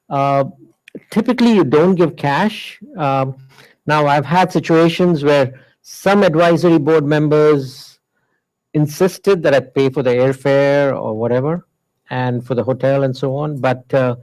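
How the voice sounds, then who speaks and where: A man teaching a class in a relaxed, conversational lecture style, with frequent fillers. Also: on the high side, rough recording. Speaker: instructor.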